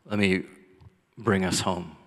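A man preaching a sermon as pastor, rising to intense cries and dropping to soft, quiet lines. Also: low-pitched, steady tone, takes it slowly. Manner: passionate preaching, builds to loud cries then drops soft. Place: church sanctuary. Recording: long church hall reverb.

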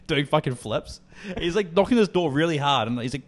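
Young male podcast co-host; rapid, profane, casual storyteller. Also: fairly high pitch, expressive. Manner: rapid, sweary, full of "like" fillers.

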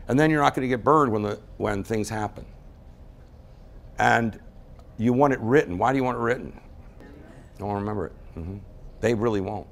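Gravelly man teaching a live group. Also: medium pitch. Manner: storytelling, acts out quoted people in changing voices. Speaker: speaker teaching about relationships.

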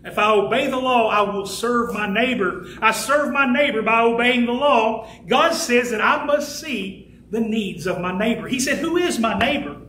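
A man preaching a fervent sermon as pastor, building to shouts and slowing down to stress key words. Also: extremely high pitch, a little hiss or hum. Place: church sanctuary. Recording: echoey church room with faint ambience.

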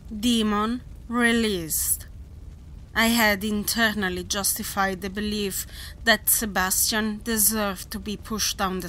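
Slow, bright-voiced woman narrating horror. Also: medium pitch, low-quality recording. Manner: measured, deliberate storytelling. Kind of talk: first-person horror narration.

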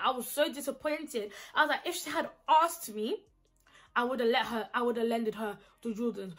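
A young woman with a London accent, telling a storytime vlog in an animated, indignant, slang-heavy way. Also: on the high side, fairly quick. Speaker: vlogger.

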